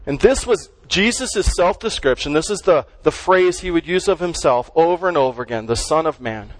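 A man's voice: a little high, lively intonation, moderate pace, low-quality recording. A man preaching a sermon as pastor, conversational and emphatic, full of rhetorical questions.

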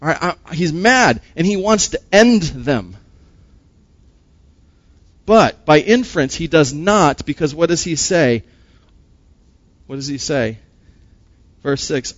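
A man's voice: on the high side, lively intonation, slow, long pauses, dry recording, lo-fi sound. A man preaching a sermon as a pastor. He speaks emphatically, asks rhetorical questions and often repeats words.

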